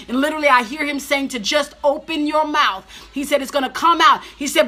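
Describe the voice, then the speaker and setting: A woman's voice: high voice, brisk, few pauses, bright, forceful tone. A woman minister preaching and prophesying on a live stream, fervent and repetitive, speaking straight to her viewers. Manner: fervent, repetitive declarations, addresses viewers directly.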